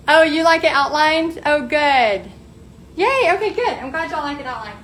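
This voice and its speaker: A woman's voice: high voice, big pitch swings, normal speed, a bit bright. A woman hosting a live painting tutorial, upbeat and chatty, talking to her viewers as she works. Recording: echoey room, faint background noise.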